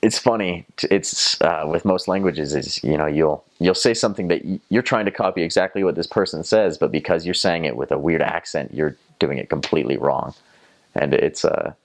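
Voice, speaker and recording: A young man from North Carolina, USA, speaks in a rumbling low voice at a normal speed with a Southern American accent. He's a returned missionary casually telling stories about his mission days, now and then slipping into playful imitations of accents.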